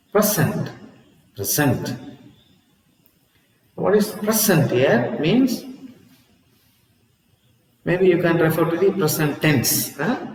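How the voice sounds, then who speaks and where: A man, teaching a lesson in a slow, repetitive way and often asking "see?" and "huh?". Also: fairly high pitch. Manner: slow, repeats each word, asks "see?" and "huh?". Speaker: English teacher. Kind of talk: classroom lesson. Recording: echoey room with long reverb.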